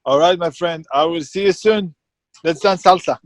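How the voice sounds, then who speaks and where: A man's voice: on the high side, moderate pace, no room sound. A man who runs a catering business, talking bluntly and with emphasis as an interview guest. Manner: emphatic, blunt, self-described perfectionist. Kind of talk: casual interview conversation.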